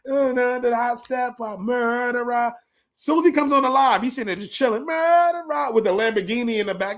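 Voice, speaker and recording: A man hosting a podcast, telling stories in an animated, slangy, profane way. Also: very high-pitched, fairly quick. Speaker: podcast host. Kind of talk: casual reminiscing monologue.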